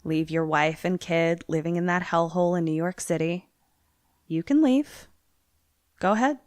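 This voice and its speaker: Ghost wife, icy and quiet, taunting; a woman reads her in a retelling. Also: no room sound, clean studio sound, lightly acted. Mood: cold taunting. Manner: quiet, low, measured.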